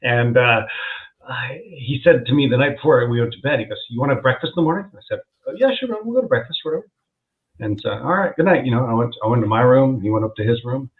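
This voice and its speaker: A man's voice: mid-range voice, fast. A man, a comedian, telling stories in casual chat and acting out quoted voices with animation. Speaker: comedian guest. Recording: tinny phone-like call audio.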